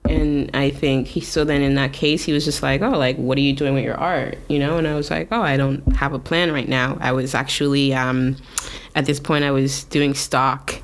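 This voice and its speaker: A woman from Canada, a tattoo artist guest, telling her story in a relaxed, casual way, full of likes and ums and acted-out quotes. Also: a bass voice, normal speed.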